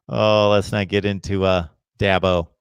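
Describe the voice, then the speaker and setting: A man's voice: deep voice, clean tone, no room sound. A man hosting a live college football chat, reading viewer comments and giving emphatic opinions. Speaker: host of a college football livestream.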